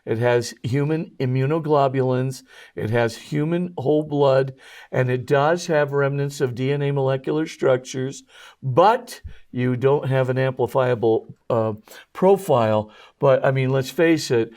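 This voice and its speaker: Priest guy on a talk show, mid pitch, lots of ums and uhs, walks through technical stuff step by step. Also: a little mellow. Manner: halting, many ums and uhs, detailed technical explanations. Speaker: guest, Jesuit priest and scholar. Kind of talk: explanatory interview answers.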